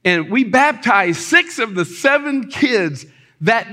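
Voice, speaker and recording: A man preaching, telling stories in a lively sermon with loud exclamations and chuckles. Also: high voice, unhurried. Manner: animated storytelling with loud exclamations and laughter. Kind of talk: sermon testimony.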